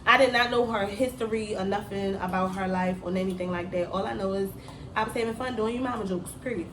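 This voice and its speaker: A woman's voice: medium pitch, fast, a bit bright, reverberant, a little hiss or hum, low-quality recording. A middle-aged woman telling a story from her school days in a casual chat, slangy and laughing often. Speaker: mother telling a story on a daughter's channel.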